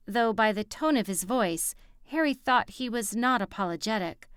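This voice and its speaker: A woman narrating an audiobook in a slow, even storytelling manner. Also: mid-range voice, clean tone, dry recording, studio quality. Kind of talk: scripted narration.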